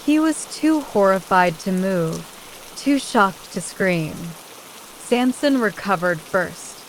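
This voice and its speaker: A woman reading a horror story aloud as an audiobook narrator, in a measured, deliberate way. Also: mid-range voice, lively intonation, slight background noise, rough recording. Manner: slow, measured reading with voiced quotes. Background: rain sound.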